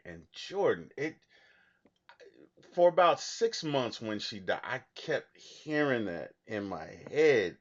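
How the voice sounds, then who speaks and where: Male co-host, earnest and emphatic, lively pitch, dull lo-fi audio. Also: unhurried. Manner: earnest, emphatic, with frequent restarts. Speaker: movie podcast co-host. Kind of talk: casual movie discussion.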